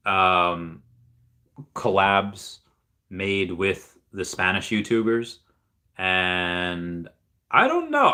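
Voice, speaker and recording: A young man hosts a relaxed livestream, rambling cheerfully and answering viewer comments as they come in. His voice sits low but sounds bright and forward. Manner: rambling, upbeat, reads viewer comments aloud. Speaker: livestream host reading chat. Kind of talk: casual livestream chat.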